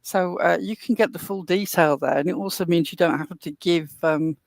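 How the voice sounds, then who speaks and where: A woman's voice: fairly low pitch, normal speed, vocal fry, a little mellow, dry recording. An English woman co-hosting a casual live stream, blunt and sweary with dry put-downs. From England. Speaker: co-host.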